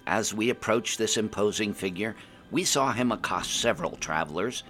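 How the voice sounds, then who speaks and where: A man's voice: on the low side, moderate pace, a bit bright, soft background music. A man narrating a fantasy adventure in the first person, reading it aloud expressively. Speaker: storyteller.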